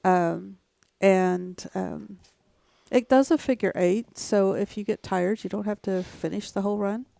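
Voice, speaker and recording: A woman, a talk show guest speaking in a relaxed, hesitant way. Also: mid-range voice, measured pace, gravelly, no room sound. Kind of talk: casual chat.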